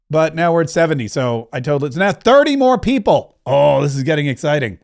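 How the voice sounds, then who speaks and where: A middle-aged man chats casually on his livestream, wandering from story to story and cracking jokes. His voice sits a touch higher than most men's. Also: sing-song, fast talker, creaky, hardly any pauses, a little mellow. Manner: rambling, joking, reads out viewer comments. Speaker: livestream host.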